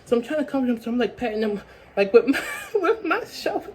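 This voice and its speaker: A woman's voice: on the high side, sing-song, fast, a little mellow, slight background noise. A young adult woman telling a story-time vlog in a rambling way, repeating herself with many fillers. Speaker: vlogger.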